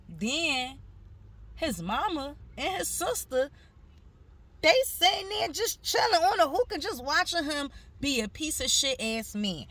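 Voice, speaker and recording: A woman's voice: medium pitch, a bit bright. A woman, telling a profane story in a casual vlog and acting out the people she quotes. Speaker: vlogger. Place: outdoors.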